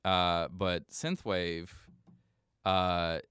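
Deep, forceful young man chatting. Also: flat delivery, drawn-out words, smooth, no echo, studio quality. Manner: rambling, jokey, slips into mock voices. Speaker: podcast guest. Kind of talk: casual chat.

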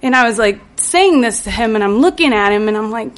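A woman's voice: fairly high pitch, lively intonation, brisk, hardly any pauses. Giggly woman telling a live story. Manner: laughing, self-mocking, breaks into giggles. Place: live show stage.

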